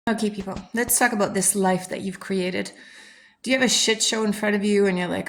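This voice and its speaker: A woman's voice: medium pitch, fairly even intonation, a little fast, a bit bright. Frank, casual woman giving a pep talk. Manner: frank, swears freely, acts out inner voices. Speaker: self-help channel host.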